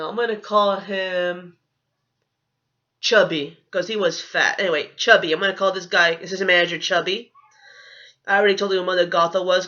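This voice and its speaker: A woman's voice: on the low side, pushed and bright. A young woman telling a storytime vlog in a blunt, profane, indignant rant. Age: young adult. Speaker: vlogger. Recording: dull lo-fi recording.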